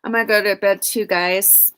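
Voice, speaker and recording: A woman's voice: mid-range voice, steady tone, moderate pace, fairly bright tone. Chatty, cussing woman hosting a livestream. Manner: chatty, profane, reads out viewer comments. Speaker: livestream host. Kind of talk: casual livestream chat.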